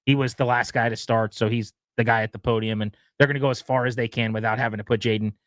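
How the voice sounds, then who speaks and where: A man hosting a sports radio show, talking in a casual, animated way and often mimicking other people. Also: mid-range voice, quick pace, no echo.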